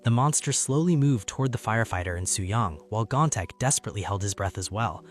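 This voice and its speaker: A man giving a scripted story recap narration in an even, steady delivery. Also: on the low side, fast talker. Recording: narration over loud background music.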